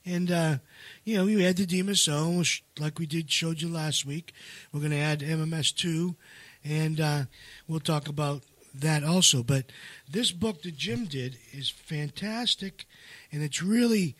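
Rambling, emphatic man with a higher voice. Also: unhurried, fairly bright tone, no room sound. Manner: rambling, full of restarts and fillers. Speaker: seminar leader and co-author. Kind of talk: casual promotional chat.

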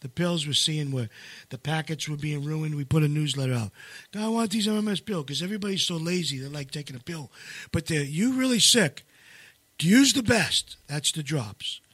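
A seminar leader and co-author chats casually to promote his work, rambling with frequent restarts and fillers while pushing hard on his key points. His voice is a little high, slightly bright and husky, at a moderate pace on a dry recording.

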